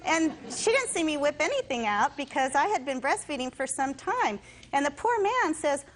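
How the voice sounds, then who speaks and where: A woman testifying in court, telling her story in an animated way and acting out what others said. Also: high-pitched, moderate pace, rough recording. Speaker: litigant in court.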